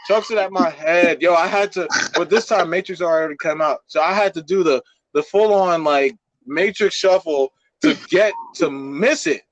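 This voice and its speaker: A man's voice: on the high side, moderate pace, few pauses, no echo. A young man co-hosting a podcast who tells a story casually and animatedly, full of fillers and swearing. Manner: animated, profane, many fillers. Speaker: podcast co-host.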